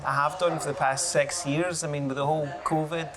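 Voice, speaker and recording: A man with a Scottish accent hosts a relaxed podcast conversation in a busy bar, his voice sitting on the higher side. He is chatty and laughs easily, and a clear hum of crowd chatter runs behind him. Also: a little fast. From Ayr, Scotland. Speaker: podcast host. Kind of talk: casual conversation. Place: bar, live recording.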